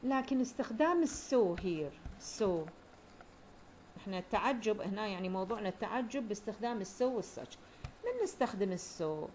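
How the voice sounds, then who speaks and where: Woman, mid-pitched, teaching grammar patiently, slowing down on examples; faint hiss behind. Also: animated, darkish tone. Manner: explanatory, repeats key terms, slows down for English examples. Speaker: English teacher. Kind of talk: grammar lesson mixing Arabic and English.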